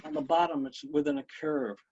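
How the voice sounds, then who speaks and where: A man's voice: on the high side, fairly even intonation, a little fast, darkish tone, no echo. A man teaching an online conducting class over a video call, coaching students and counting beats aloud, with chatty asides. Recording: muffled lo-fi video call audio.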